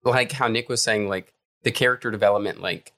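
A man co-hosting a movie podcast in casual chat, relaxed and agreeable, with lots of "like" fillers. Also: lowish voice, brisk, no echo, clean studio sound. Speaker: podcast co-host.

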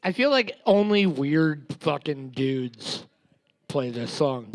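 An English man riffs sarcastically through a quiz, cursing freely and laughing easily. His voice sits high but runs into a gravelly fry. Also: expressive, slow pace. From England. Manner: sardonic, swears a lot, laughs easily. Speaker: co-host. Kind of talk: casual banter.

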